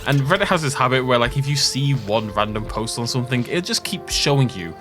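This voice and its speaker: A man's voice: mid-range voice, lively intonation, a little fast, over music. A young man giving casual, rambling, self-deprecating let's play commentary. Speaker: gaming YouTuber.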